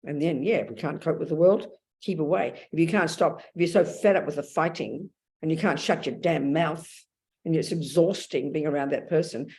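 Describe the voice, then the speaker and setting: A woman's voice: deep voice, a little mellow. A woman with an Australian accent giving a blunt, emphatic dharma talk as a Buddhist nun, calling her listeners darling.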